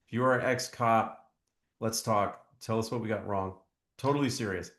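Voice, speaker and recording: A man co-hosting a podcast speaks in a fairly low voice. He talks earnestly and haltingly, repeating words as he reacts to viewer comments. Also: a bit bright, echoey room. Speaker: podcast co-host. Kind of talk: casual chat reacting to comments.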